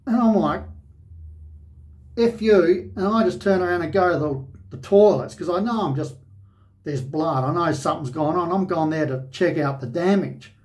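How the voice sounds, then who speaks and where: A man's voice: sits high, a little mellow. An Australian man, host of a shaving channel, telling a personal story in a rambling, conversational way with lots of "you know".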